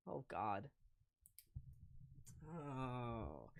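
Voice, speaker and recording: Slow-talking male hockey stream commentator. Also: high voice. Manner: excitable, groans and laughs between calls. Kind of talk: live play-by-play reaction stream.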